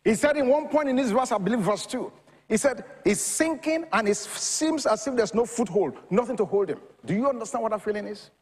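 A man preaching a sermon, reading scripture quietly and then building to loud, shouted examples. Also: very high-pitched, lively intonation, brisk, husky, in a large hall.

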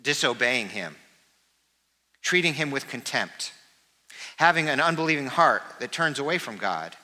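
Guy preaching a sermon, super bright voice, long reverb like a big church hall. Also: medium pitch, big pitch swings, moderate pace. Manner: earnest, shifts to soft confiding tones. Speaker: pastor.

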